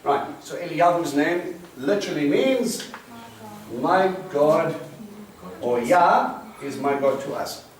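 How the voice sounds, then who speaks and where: A man's voice: a little high, lively intonation, takes it slowly. A man teaching a Bible study to a small group, explaining Hebrew words and quizzing the class. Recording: roomy, distant mic with faint hiss.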